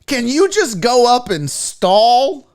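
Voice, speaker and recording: A man hosting a sports talk show, telling a story in a casual, profane, animated way and acting out what others said. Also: very high voice, slow. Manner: animated, profane, acts out quotes. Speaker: podcast host.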